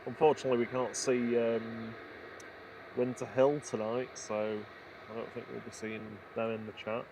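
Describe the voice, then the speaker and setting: A man's voice: mid-range voice, level tone, moderate pace. A man hosting a live plane-spotting stream outdoors, greeting viewers, reading out the chat and calling out flights. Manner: reads chat messages, greets viewers, laughs easily. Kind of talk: casual chat and plane commentary. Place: outdoors at an airport. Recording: outdoor stream with clear background noise.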